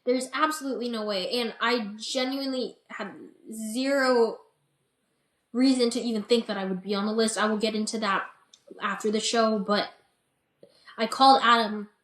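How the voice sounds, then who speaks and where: A young adult woman, an interview guest and bikini competitor, telling her story in a chatty, animated way with lots of "like" and "you know". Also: fairly high pitch, moderate pace. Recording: roomy echo.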